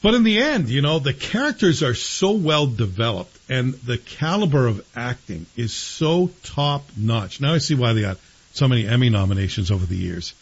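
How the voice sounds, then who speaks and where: A man hosting a casual chat, rambling on with strong opinions about a series he is watching. His voice is a little husky, and the recording sounds dull and lo-fi. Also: mid-range voice, sing-song, normal speed. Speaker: show host reviewing TV series.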